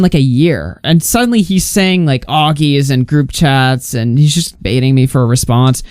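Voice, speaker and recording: A man hosting a casual podcast, telling a story with lively energy and mocking other people's posts. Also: mid-range voice, normal speed, few pauses, clear, resonant tone, no echo, clean studio sound. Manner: animated storytelling, mocking others' tweets in put-on voices. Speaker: podcast host.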